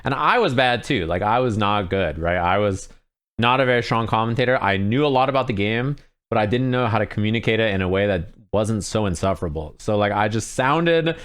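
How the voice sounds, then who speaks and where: Laid-back man, smooth clear voice. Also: lowish voice, animated, brisk, fairly bright tone. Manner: laid-back, candid, self-deprecating. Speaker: fighting game commentator, guest. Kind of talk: casual interview chat.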